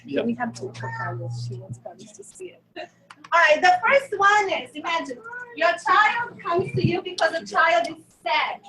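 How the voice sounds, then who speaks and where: A high-voiced woman presents to parents in a loose, chatty way, often laughing at herself. She is picked up from across an echoey hall. A faint noise runs underneath. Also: very animated, normal speed, sharp tone, recorded from a distance. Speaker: conference presenter. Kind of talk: casual talk to an audience. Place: conference hall with an audience.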